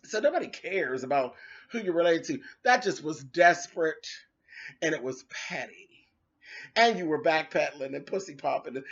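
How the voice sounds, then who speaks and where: A man's voice: a little high, lively intonation, moderate pace, fairly bright tone, breathy edge. A man ranting casually at someone online in a sassy, cutting way, with dramatic asides. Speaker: commentator. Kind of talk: casual rant video. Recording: dull lo-fi recording.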